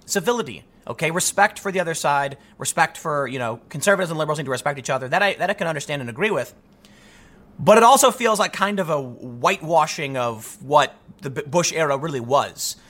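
A man delivers an opinionated political monologue in a bright, forward voice that sits a little high for a man. He is emphatic and restless, often doubling words as he pushes a point home. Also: animated, a little fast. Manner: emphatic, repeats words when building a point. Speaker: political commentator.

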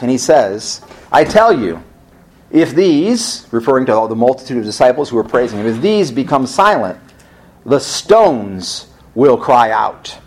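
A man's voice: mid-range voice, a little mellow. A male pastor preaching a sermon in a conversational way, asking rhetorical questions and rising for emphasis.

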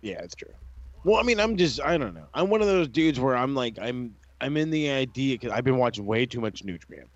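A man's voice: mid-range voice, fairly quick, no room sound, lo-fi sound. A man co-hosting a wrestling podcast in casual chat, ranting with lots of swearing. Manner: profane, animated ranting.

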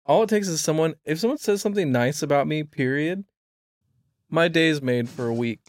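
A man's voice: a little high, moderate pace, no room sound, clean studio sound. A man chatting casually on a podcast, wry and bossy about moving things along. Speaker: podcast guest. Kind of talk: casual chat.

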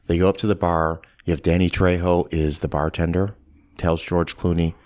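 Low-voiced man co-hosting a movie podcast. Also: normal speed. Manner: animated retelling, acts out quoted lines. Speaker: podcast co-host. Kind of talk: casual movie podcast chat.

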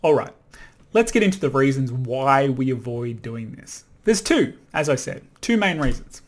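A man, a career coach and podcast host, talking to camera in an emphatic, direct way full of rhetorical questions. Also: mid-range voice. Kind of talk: motivational solo talk to camera.

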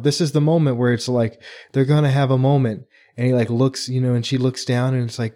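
A man co-hosting a podcast, casually retelling book scenes with lively acted-out quotes and frequent laughter. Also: medium pitch, brisk. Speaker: podcast co-host.

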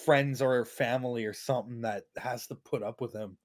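A man's voice: mid-range voice, fairly even intonation, normal speed, no room sound, studio quality. A man in casual podcast banter, blunt and swearing freely. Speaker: podcast co-host.

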